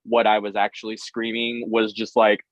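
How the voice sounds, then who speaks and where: A low-pitched man tells an animated, self-deprecating story in casual conversation. His voice comes across dull and dry, as if recorded close in a small space. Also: moderate pace, dry recording. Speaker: tattoo artist guest.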